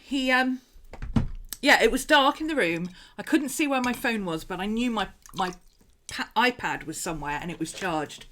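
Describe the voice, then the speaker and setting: A woman's voice: mid-range voice, expressive, normal speed, a bit bright, a little hiss or hum. A woman hosting a casual craft livestream at home, rambling chattily with frequent laughs and asides while she paints. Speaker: host.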